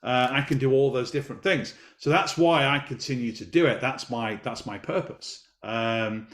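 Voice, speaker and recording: A man in his fifties tells a story in an interview in an emphatic, motivational way, repeating his key points. His voice sits at a middle pitch. The recording is echoey, as if made in a bare room. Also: moderate pace, a bit bright. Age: 50s. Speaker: business guest.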